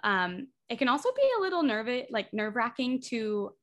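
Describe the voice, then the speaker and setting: Very animated and on the high side, this woman's fairly bright voice moves at a normal speed. She's a theater artist in her twenties guesting on a casual podcast, chatty and full of "like" fillers.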